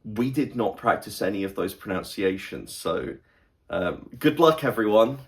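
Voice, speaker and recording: A man's voice: on the low side, lively intonation, a little slow, background noise. A man appearing as a guest presenter, joking and fumbling his way through the names. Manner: joking, fumbling, self-deprecating. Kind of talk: casual chat.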